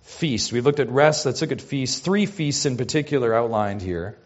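A pastor preaching a sermon to his church, with emphatic rises and soft drops. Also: mid-range voice, lively intonation, moderate pace, highs cut off.

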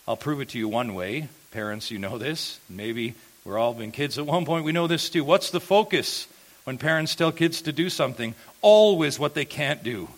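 A male pastor preaching an expository sermon who asks the congregation rhetorical questions, rising loud on key points and then dropping low and soft. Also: animated, moderate pace.

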